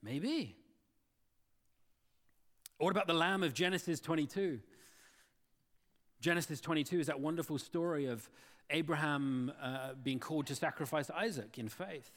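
A man's voice: fairly high pitch, moderate pace, pauses often, fairly bright tone, in a large hall. A man preaching a sermon, earnest and full of rhetorical questions to his listeners. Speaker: pastor.

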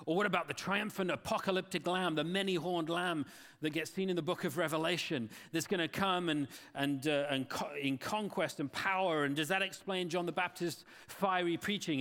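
A man's voice: a little high, fairly quick, fairly bright tone, long reverb tail. A man preaching a sermon, earnest and full of rhetorical questions to his listeners. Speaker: pastor.

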